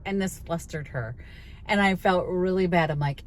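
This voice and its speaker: A middle-aged woman vlogging in casual chat while she drives, talking in a chatty, rambling way with quick asides. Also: on the low side. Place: in a car while driving. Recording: road noise from a moving car. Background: car engine and road noise.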